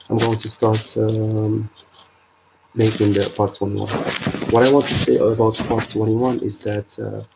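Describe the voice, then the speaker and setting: Gravelly, flat-voiced man hosting a livestream. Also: on the low side, background noise. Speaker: livestream host. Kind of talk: solo livestream explainer.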